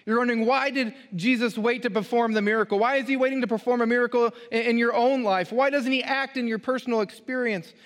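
A male pastor delivers a sermon in a notably high voice, reading scripture and pressing his points with emphasis. His words ring out with a long reverb from the church sanctuary. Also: steady tone, fast talker, few pauses.

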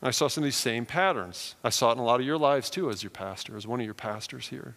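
A man's voice: mid-range voice, fast, vocal fry, fairly bright tone. Male pastor mid-sermon, earnest storytelling, long church hall echo. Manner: earnest, personal storytelling with rising emphasis. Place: church sanctuary.

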